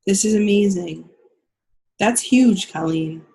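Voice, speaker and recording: A woman's voice: mid-range voice, slow, gravelly, dark tone, rough recording. A woman leading a spiritual healing group. She reads out members' comments, affirms them with repeated phrases, then guides a meditation.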